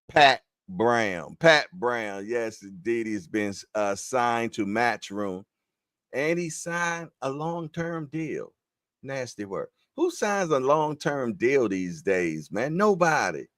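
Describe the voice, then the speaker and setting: Slow, lively-voiced man hosting boxing chat. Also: medium pitch, dry recording, studio quality. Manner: laid-back slangy banter. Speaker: boxing news show host. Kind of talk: casual live-stream chat.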